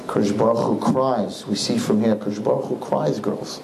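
Fervent New rabbi preaching. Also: male voice, fairly even intonation, normal speed, vocal fry, background noise. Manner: fervent, swings from soaring high cries to low hushed pleading. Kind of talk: impassioned sermon.

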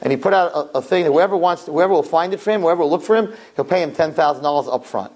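A man telling religious stories in an animated sermon, often repeating his phrases. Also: fairly high pitch, quick pace. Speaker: religious storyteller. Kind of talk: sermon storytelling.

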